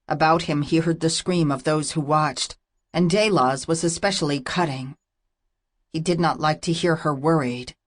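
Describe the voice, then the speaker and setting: A woman narrating a fantasy audiobook in a steady, measured storytelling manner. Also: deep voice.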